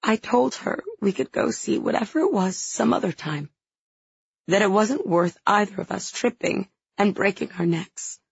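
A woman voicing a grieving young woman, hoarse and halting as she confesses through tears, in an audiobook. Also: fairly low pitch, fairly even intonation, darkish tone, no echo, muffled recording, full character voice. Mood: tearful. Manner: halting, choked with grief. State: hoarse, tearful.

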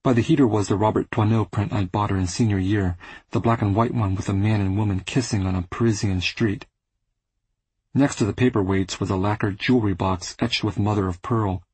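A male audiobook narrator with a low, very husky voice reads first-person literary fiction. His delivery is measured and restrained, and the sound is dry and close. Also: a little mellow, dry recording, low-quality recording.

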